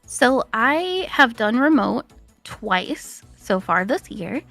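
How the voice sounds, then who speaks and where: A woman's voice: fairly high pitch, sing-song, slow pace, fairly bright tone, soft background music. A woman being interviewed as a VTuber guest, chatting casually and giggling often between fillers.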